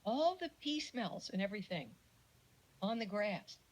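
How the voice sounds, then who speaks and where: A middle-aged woman giving a casual lecture on parenting, chatty and animated, with jokey asides and little acted-out quotes. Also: medium pitch, a little slow, low-quality recording. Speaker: speaker giving a talk on parenting.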